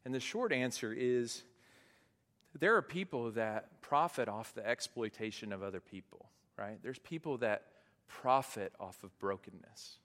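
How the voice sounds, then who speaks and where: A man preaching in a church sanctuary, talking casually with lots of fillers, then pushing to loud, emphatic peaks. His voice sits at an average pitch for a man, and a long reverb trails each phrase through the hall. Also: animated, a little slow. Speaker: pastor. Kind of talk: sermon.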